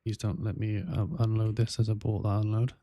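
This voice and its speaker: A low-voiced man with a South Welsh accent, talking casually while he plays a game on stream. His delivery stays flat and even, with many ums and restarted sentences. The sound is dry and close, and his tone is mellow. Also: fairly quick, no room sound. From South Wales. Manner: chatty, rambling, with frequent fillers and restarts. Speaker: gaming streamer. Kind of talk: casual livestream chat while gaming.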